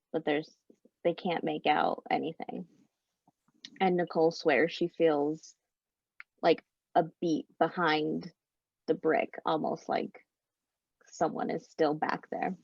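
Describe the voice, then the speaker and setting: A woman improvises a spooky story for a panel, casual and lively. Her voice is slightly low and gravelly. The recording is dull and lo-fi. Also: no room sound. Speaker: convention panelist.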